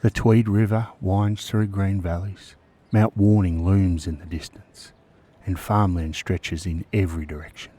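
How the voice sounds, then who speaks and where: Deep male podcast narrator, suspenseful, measured, hushed in places. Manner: measured, suspenseful storytelling, dropping to hushed tones. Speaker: podcast host. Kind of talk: dramatic true-crime narration.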